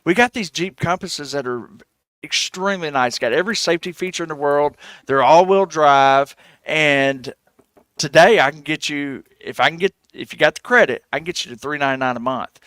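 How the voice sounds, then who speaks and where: A male car dealer, pitching deals eagerly on a live radio broadcast, often repeating himself. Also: moderate pace, fairly bright tone, no room sound.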